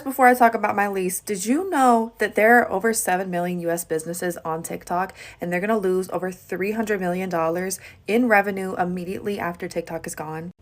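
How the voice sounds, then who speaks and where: A woman who works as a full-time content creator, talking casually and candidly to camera. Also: fairly low pitch. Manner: candid, chatty, emphatic.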